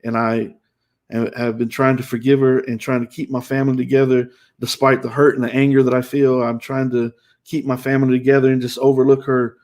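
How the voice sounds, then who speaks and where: A man's voice: mid-range voice, flat delivery, a little fast, a little mellow. A man hosting a live show, telling a painful personal story emotionally, with many restarts and repetitions. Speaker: host.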